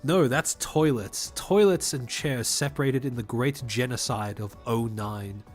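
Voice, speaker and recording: A young man from Australia with a polished Australian accent, chatting casually on a livestream. He rambles, laughs often, repeats words as he starts sentences, and enunciates crisply. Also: mid-range voice, measured pace, faint music behind. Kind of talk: casual livestream chat, reading chat.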